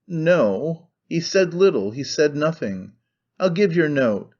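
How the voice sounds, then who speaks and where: A man voicing an intense, brooding young man obsessed with one idea, earnest and halting as he speaks. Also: on the high side, sing-song, darkish tone, lo-fi sound, exaggerated voice. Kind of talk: audiobook character reading.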